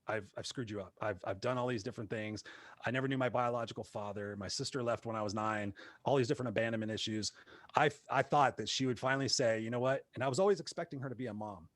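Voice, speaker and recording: Fast-talking man telling his story. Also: medium pitch, no room sound. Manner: animated, acts out quoted voices, many fillers. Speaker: guest, motivational speaker. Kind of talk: casual storytelling interview.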